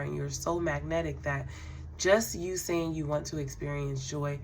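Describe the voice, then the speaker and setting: A woman doing a spiritual tarot reading. She speaks to the listener directly in a relaxed, affirming way, with fillers and soft laughs. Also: deep voice, a little hiss or hum. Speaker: tarot card reader.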